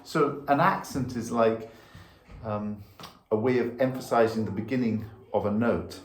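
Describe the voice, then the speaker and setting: A man teaching violin, patiently explaining bow technique step by step while demonstrating. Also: lowish voice. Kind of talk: instructional lesson. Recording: echoey room with violin.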